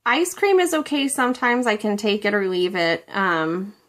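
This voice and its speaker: A woman's voice: medium pitch, moderate pace. Chatty woman vlogging from home. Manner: chatty, rambling, self-deprecating. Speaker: beauty vlogger. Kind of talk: casual chat to camera.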